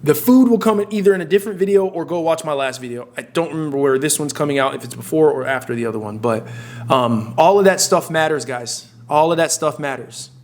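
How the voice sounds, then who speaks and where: A young man lectures his viewers on lifting, blunt and emphatic with plenty of swearing. His voice sits a little higher than most men's, and he often breaks off and restarts his sentences. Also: fast talker, darkish tone. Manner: blunt, profane, emphatic, self-interrupting. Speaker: fitness content creator. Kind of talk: casual direct-to-camera advice.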